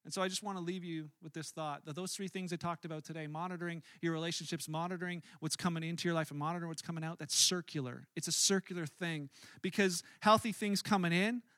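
A man preaching a sermon as a pastor, conversational and animated, acting out his own angry outbursts in stories. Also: on the high side, quick pace, dry recording, studio quality.

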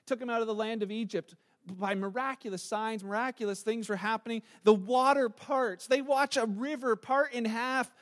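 High-voiced man preaching with lively storytelling. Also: normal speed. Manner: animated storytelling, acts out quoted voices. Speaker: pastor. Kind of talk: sermon.

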